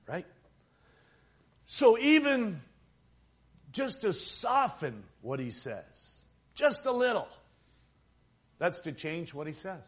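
A man's voice: sits high, big pitch swings, takes it slowly, long pauses, breathy edge. A man preaching a sermon, with an emphatic delivery that swells and drops as he makes his points. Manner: emphatic, rising and falling preaching cadence.

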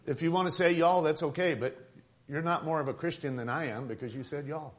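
A man preaching a sermon as pastor, conversational and joking, with quick asides. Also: on the high side, slight background noise. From Tucson, Arizona.

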